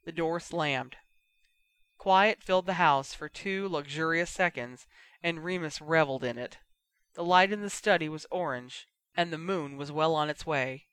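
Casting: male audiobook reader, bright forceful tone, dry close mic, slightly high voice. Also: a little slow, smooth, no echo. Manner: expressive, steady storytelling. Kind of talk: fan fiction audiobook narration.

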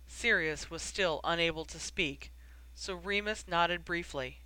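Narrator, bright crisp tone, dry close sound, steady storybook reading. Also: medium pitch, measured pace, dry recording, low-quality recording. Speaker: audiobook narrator. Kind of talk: scripted narration.

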